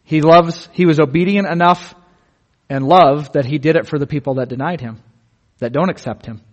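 A man preaching a sermon in an earnest, vivid way, slowing down on key words. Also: fairly high pitch. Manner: earnest, vivid, slows down for emphasis.

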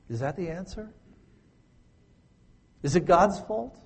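A man's voice: high voice, lively intonation, slow, long pauses, husky, in a large hall. A male preacher giving a sermon, speaking emphatically and asking rhetorical questions. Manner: emphatic, rhetorical questions, dramatic scripture quoting.

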